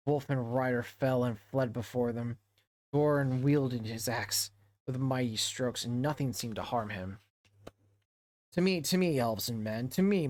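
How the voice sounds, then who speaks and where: A man's voice: medium pitch, a little mellow. A man with a mid-range voice reads a novel aloud to his stream's book club. He stumbles and corrects himself often as he goes, and the close recording has no room echo. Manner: halting read-aloud with frequent self-corrections.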